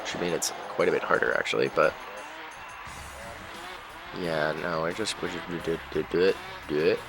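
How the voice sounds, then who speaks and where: A man giving casual, rambling commentary while playing a racing game, breaking off to react loudly whenever he crashes. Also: rumbling low, moderate pace. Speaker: gaming channel host. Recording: game music behind voice. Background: game music and engine sounds.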